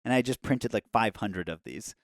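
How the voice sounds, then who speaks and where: A man's voice: on the low side, moderate pace, no echo, studio quality. A man, a podcast guest, telling a casual story in a rambling, profane way, full of "like" and "you know". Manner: profane, rambling, heavy with fillers.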